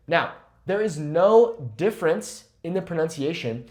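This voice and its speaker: Male language teacher, slightly high pitch, emphatic, energetic, from Mexico. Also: a little slow. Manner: energetic, emphatic, often adds "okay?". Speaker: Spanish teacher. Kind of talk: online language lesson.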